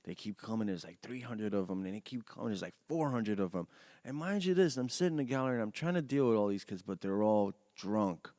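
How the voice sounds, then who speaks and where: A middle-aged man, a podcast guest, telling a long story in a rambling, animated way, often restarting his sentences and laughing as he goes. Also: lowish voice, fast, dry recording, clean studio sound. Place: podcast studio.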